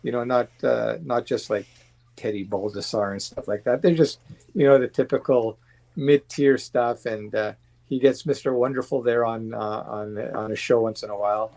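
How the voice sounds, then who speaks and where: A man's voice: mid-range voice, steady tone, normal speed, a little mellow. A man chatting as a guest on a livestream, blunt and rambling, swearing freely. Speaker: guest watch collector. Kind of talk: casual livestream chat.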